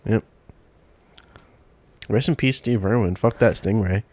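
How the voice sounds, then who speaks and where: A man co-hosting a casual chat podcast, blunt and deadpan, swearing often. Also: on the low side, unhurried, dry recording. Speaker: podcast co-host.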